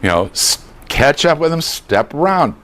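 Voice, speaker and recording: Male dementia care trainer, lively swooping delivery, acts out dialogue for a live room. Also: on the high side, moderate pace. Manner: animated, acts out quoted dialogue.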